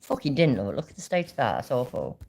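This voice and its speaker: Woman, very low pitch, lively intonation, blunt, swearing, reaction commentary. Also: quick pace, gravelly, a little hiss or hum. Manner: swearing, blunt, laughs often. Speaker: commentary streamer. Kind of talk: reaction commentary on a played stream.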